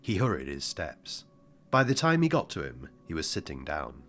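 A man narrating an audiobook in a measured, somber way. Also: rumbling low, huge pitch swings, a bit bright, a little hiss or hum.

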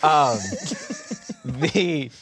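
A man hosting a food review podcast in loose, casual chat. His speech wanders through fillers and breaks into laughter, and his pitch rises and falls a great deal. The sound is close and dry. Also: sing-song, extremely slow, a bit bright, breathy edge, dry recording. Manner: rambling, filler-heavy, laughing often.

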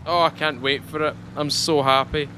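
A man from the UK chatting excitedly to viewers while playing a game. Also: a little high, moderate pace, slight background noise. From United Kingdom. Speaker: gaming channel host. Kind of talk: casual gameplay commentary.

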